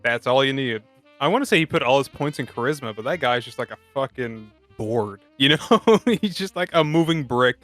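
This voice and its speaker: A man's voice: medium pitch, lively intonation, fairly bright tone, soft background music. A man co-hosting a casual film chat, cracking jokes and swearing. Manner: quick, joking, profane. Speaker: podcast co-host. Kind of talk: casual chat about a film over beer.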